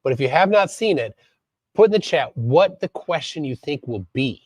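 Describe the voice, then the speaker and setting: A man from Minnesota hosting a live stream, reading chat aloud and commenting in a halting way with many fillers. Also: a little high, expressive, a little mellow, no room sound. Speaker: livestream host.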